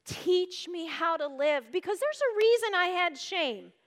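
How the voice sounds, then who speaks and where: A woman giving an earnest devotional teaching, reading scripture aloud and explaining it, shifting between urgent emphasis and hushed tones. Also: very high voice, expressive, a little slow. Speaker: speaker at a church gathering. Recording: reverberant hall.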